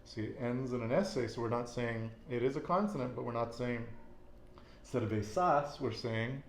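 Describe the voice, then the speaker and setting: A man's voice: mid-range voice, steady tone, fairly quick, gravelly. Guy running a chill language lesson, patient and encouraging, roomy echo, a little hiss behind. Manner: patient, encouraging, repeats answers back. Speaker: Spanish teacher. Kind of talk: casual spoken lesson, quizzing a student. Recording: echoey room with faint noise.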